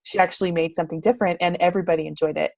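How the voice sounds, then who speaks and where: Woman participant, lower voice, dry sound, thoughtful and a touch hesitant on a call. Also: fairly even intonation, racing, vocal fry, darkish tone, no room sound. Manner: thoughtful, hesitant, with fillers and laughs. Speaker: group participant. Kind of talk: casual group video call chat.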